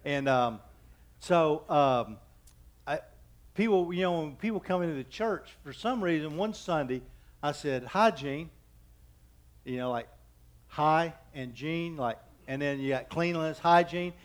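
Man, 50s, pastor, sermon, folksy joking anecdotes, halting restarts, a bit high-pitched.

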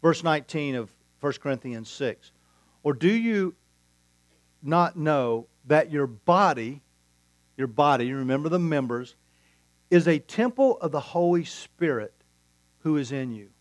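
A pastor delivers his sermon at an unhurried, measured pace, leaning into pauses and acting out quoted lines as he tells a story. His voice sits a little high for a man. The sound is dry and close, with no room echo. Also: lively intonation.

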